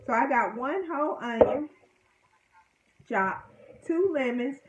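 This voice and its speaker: A chatty woman in a home kitchen, talking her viewers through a recipe and poking fun at herself as she works. Her voice sits a little high. The room is echoey and loud noise runs under her. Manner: chatty and self-deprecating, talks to viewers as y'all. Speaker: home cooking vlogger. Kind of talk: casual cooking vlog chat.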